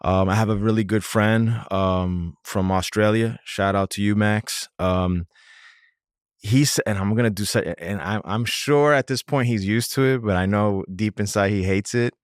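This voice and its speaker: A man's voice: lowish voice, steady tone, normal speed, clear, resonant tone, dry recording. A man hosting a branding podcast in a studio, talking in a rambling, emphatic way with many digressions. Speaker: podcast host, branding consultant. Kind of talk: casual podcast conversation.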